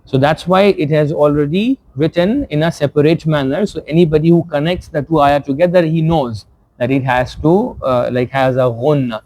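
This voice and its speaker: A man teaching recitation rules, patiently explaining pronunciation and gently correcting the reciters. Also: a little high, moderate pace, no echo. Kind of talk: tajweed lesson with corrections. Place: community centre prayer hall.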